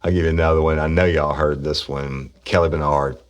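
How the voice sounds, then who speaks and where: A middle-aged former police officer tells rambling, profane true-crime stories on a casual podcast, loudly acting out quotes. His rumbling low voice is fairly even in intonation and a little fast.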